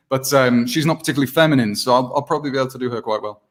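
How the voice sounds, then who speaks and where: A man's voice: mid-range voice, very fast, hardly any pauses. A man chatting on a video call, an impressionist who keeps slipping into voices. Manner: chatty, animated, slips into impressions. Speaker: impressionist guest.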